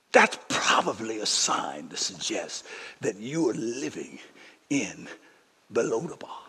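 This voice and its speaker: Man pastor preaching, bright tense voice, call and response, big churchy echo. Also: mid-range voice, slightly rough. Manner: emphatic preaching with call-and-response and repeated refrains; drops to hushed near-whispers between shouted peaks. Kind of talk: sermon. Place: church sanctuary. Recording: long hall reverb of a sanctuary.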